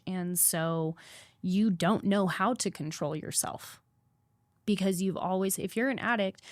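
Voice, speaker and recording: A woman's voice: medium pitch, dry recording. Young woman, podcast guest, blunt, swears a lot, repeats for emphasis, dry sound. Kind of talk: candid personal storytelling.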